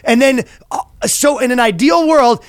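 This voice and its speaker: A man's voice: very high voice, normal speed, no echo, clean studio sound. A man co-hosting a comedy podcast, chatting casually in a rambling, profane, joking way. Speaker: podcast co-host.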